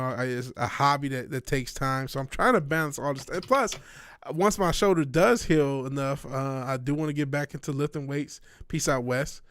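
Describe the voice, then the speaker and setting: A man's voice: medium pitch, fairly bright tone, clean tone, no echo, studio quality. A young man streaming late at night, chatting casually in a rambling way, restarting his sentences often.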